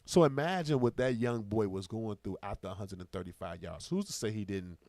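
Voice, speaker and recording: A man hosting a casual podcast, talking fast and emphatically as he argues his points and plugs the show. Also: fairly low pitch, a little mellow, no room sound. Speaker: podcast host. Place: small indoor studio.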